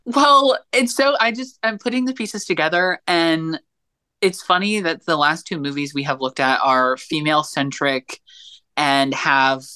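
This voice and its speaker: A woman's voice: deep voice, a little slow, sharp tone, clear, resonant tone. A woman co-hosting a podcast, making brief reactions and reflective comments in casual chat. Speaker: podcast co-host.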